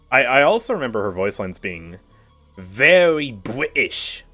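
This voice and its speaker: A man's voice: fairly low pitch, pushed and bright. A man streaming a game live, chatting casually with his viewers and laughing often as he comments.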